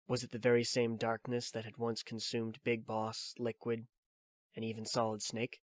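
Audiobook narrator, male, mid-pitched voice, steady plain delivery, dry close mic. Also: moderate pace, dry recording. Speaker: audiobook reader. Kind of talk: reading a novel aloud.

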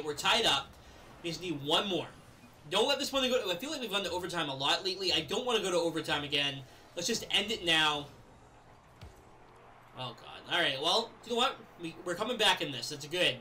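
A young man giving live commentary over his own gameplay, chatting casually and then yelling and laughing at big plays. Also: high-pitched, a little hiss or hum. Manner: excitable, yells and laughs at plays. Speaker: gaming video creator.

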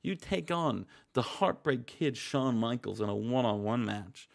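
A man's voice: mid-range voice, animated, measured pace, creaky. A man playing a gloating male wrestling show boss who taunts a champion.

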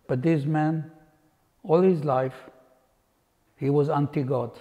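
An older man, an interviewed artist telling anecdotes in an unhurried, reflective way. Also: on the high side, fairly even intonation, mellow, in a large hall. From Israel. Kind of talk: reflective storytelling.

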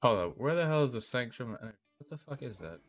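A man's voice: medium pitch, animated, normal speed, faint music behind. Profane rambling young male streamer. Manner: profane, rambling, laughs often, fillers like "like". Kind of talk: casual live game stream chat.

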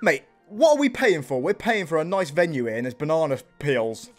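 A young British man giving excitable let's play commentary, swearing and calling his viewers boys and bro. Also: on the high side, brisk, soft background music. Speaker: gaming youtuber.

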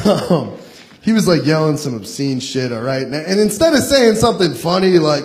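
A man's voice: a little high, very animated, normal speed, a little hiss or hum. A young man from Long Island doing a profane, self-deprecating stand-up set on a comedy club stage, laughing between jokes. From Long Island, New York. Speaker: stand-up comic. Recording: roomy club with loud crowd laughter. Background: audience laughter.

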